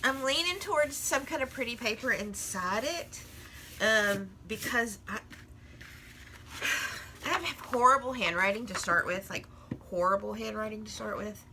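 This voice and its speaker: A woman's voice: on the high side, moderate pace, sharp tone, a little hiss or hum. A woman in a casual crafting vlog, chatting and rambling while she works, often laughing at herself. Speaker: crafting vlogger.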